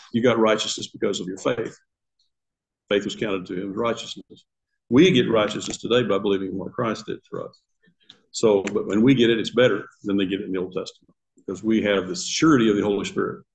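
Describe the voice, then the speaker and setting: A low-quality recording captures an older man with a gravelly voice on the low side as he teaches Sunday school in a church classroom. He speaks conversationally, asks questions of the class, and chuckles at his own asides.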